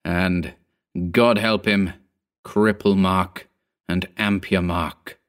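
Brief: male storyteller, lowish pitch, measured and wry scripted narration. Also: fairly even intonation, clean tone. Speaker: narrator and author.

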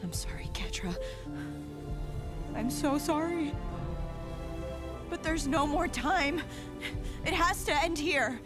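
A tearful young heroine. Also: female voice, high-pitched, expressive, slow pace, pauses often. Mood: tearful farewell. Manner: shaky, tearful farewell. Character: young heroine, anxious and resolved. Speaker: animated series character clip. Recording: clip with music behind.

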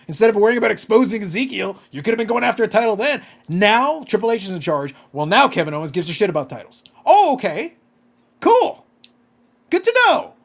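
A man co-hosting a casual podcast chat, ranting with profanity and disbelief. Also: sits high. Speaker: podcast co-host.

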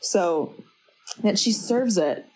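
A woman's voice: mid-range voice, lively intonation, slow, a little mellow, slight background noise, rough recording. A woman co-hosting a podcast, recapping casually, swearing offhandedly and finishing her co-host's sentences. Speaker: podcast co-host. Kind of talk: casual chat.

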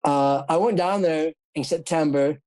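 A man's voice: fairly high pitch, measured pace, darkish tone, dry recording, rough recording. A man from South Dakota, a former jockey, telling his story as an interview guest in a rambling way with frequent laughs. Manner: rambling, laughs often, acts out quoted voices.

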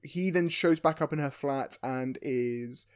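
A man's voice: mid-range voice, unhurried, clean tone. Hesitant man explaining a plot. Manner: hesitant, restarts often, explains patiently. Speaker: podcast co-host. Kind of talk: casual film recap chat.

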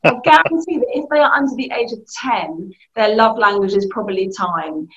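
A woman with a British accent, giving lively, animated advice as a guest in a conversation, often laughing. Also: medium pitch, a little fast. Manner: animated, laughing, acting out family voices. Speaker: youth work guest. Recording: muffled lo-fi audio.

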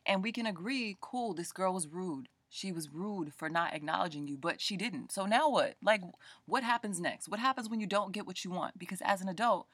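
A woman speaking tells a story in a casual, animated rant, and she acts out the people in it. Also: medium pitch, brisk, breathy edge, no room sound. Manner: animated, colloquial, quoting people in voices. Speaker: book vlogger.

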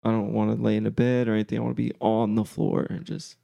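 A man's voice: on the low side, flat delivery, fast talker, creaky, warm tone, muffled recording. A young man in a casual chat, joking in a laid-back way and swearing.

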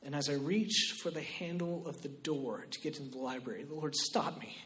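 A man preaching a sermon as pastor, shifting between loud, emphatic exhortation and quiet personal storytelling. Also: on the high side, brisk.

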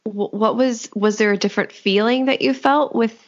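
A woman's voice: on the high side, fairly even intonation, normal speed. A woman hosting a casual interview, asking questions and giving short encouraging replies. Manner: encouraging, brief back-channel replies. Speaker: podcast host. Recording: slightly dull lo-fi audio.

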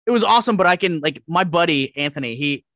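A man telling animated, profanity-laced stories as a podcast guest in casual chat. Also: fairly high pitch, fast, no room sound, studio quality. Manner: profane, animated, acts out quotes.

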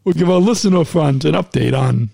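Guy co-hosting a podcast, jokey and teasing, highish voice, dry close sound. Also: brisk, vocal fry, dark tone, no room sound. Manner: teasing, interrupting, playful. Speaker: podcast co-host. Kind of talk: casual chat. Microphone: studio mic.

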